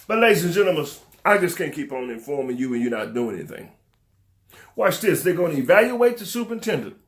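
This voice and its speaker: An older man giving fiery, preacher-like commentary, drawing out words for emphasis and slipping into rough vernacular. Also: sits high. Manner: preacher-like cadence, drawn-out emphasis, repetition. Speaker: talk show host. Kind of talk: impassioned commentary to camera.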